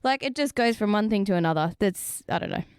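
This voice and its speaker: A woman's voice: medium pitch, lively intonation, fast, clean tone, no echo, clean studio sound. A woman guest on a casual podcast, blunt and dismissive in her opinions. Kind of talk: casual chat.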